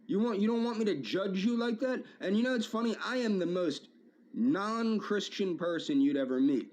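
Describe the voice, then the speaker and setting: A man's voice: high-pitched, expressive, moderate pace, a little mellow. A man in a video rant, hurt and aggrieved, repeating his phrases as he addresses a former friend.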